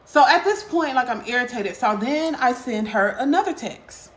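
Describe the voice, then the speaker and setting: A woman's voice: high voice, lively intonation, moderate pace. A woman telling a casual storytime to her viewers, blunt and profane, talking straight to them as y'all. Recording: echoey room.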